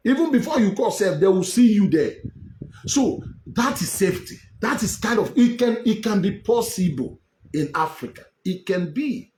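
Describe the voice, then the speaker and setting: A Nigerian man with a high, expressive voice and a darkish tone hosts an online political show from his home in Europe, speaking at a moderate pace. In heated commentary he scolds his listeners and repeats himself as he argues. The echoey room has faint ambience and a little hiss or hum.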